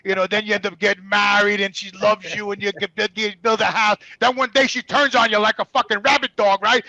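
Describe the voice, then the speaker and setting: A middle-aged man telling stories as a guest, profane, heated and animated. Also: high voice, fairly quick, few pauses, no echo, muffled recording. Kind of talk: casual storytelling.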